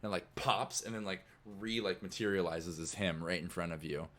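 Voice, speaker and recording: A man's voice: low voice, a little fast, fairly bright tone. A man narrating as game master in a tabletop game, loose and casual.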